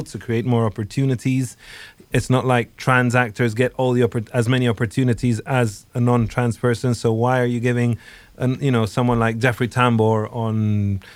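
A young man chatting on the radio, rambling and self-interrupting with frequent laughter. His voice sits at an ordinary middle pitch. The studio sound is dry and close. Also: no echo. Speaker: radio presenter reviewing a series. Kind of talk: casual radio chat.

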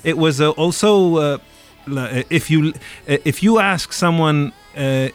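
A man's voice: on the high side, measured pace. A man co-hosting a podcast, chatting casually and opinionated about music, digressing and laughing easily. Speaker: podcast co-host reviewing an album. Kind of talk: casual chat.

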